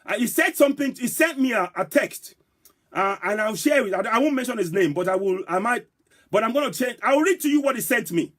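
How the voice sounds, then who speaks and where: A man's voice: extremely high pitch, lively intonation, fairly quick, fairly bright tone. A man with a Nigerian accent giving impassioned, repetitive live political commentary, daring his viewers to answer him. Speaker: political vlogger.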